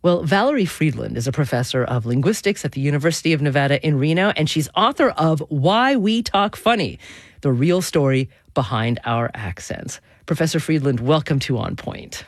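A woman hosting a public radio talk show, speaking articulately in a clear studio voice. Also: sits low, expressive, normal speed, no echo. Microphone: studio microphone.

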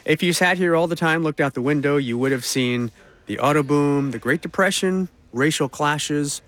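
A male reporter narrating a news feature in a measured, conversational way. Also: a little high, fairly bright tone, no echo.

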